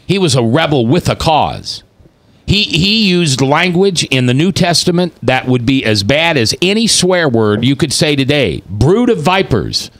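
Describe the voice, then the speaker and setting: A man's voice: fairly high pitch, lively intonation, normal speed, fairly bright tone. A man in his fifties hosting a talk radio show, delivering preachy commentary and acting out the quotes he reads. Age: 50s. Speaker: radio host.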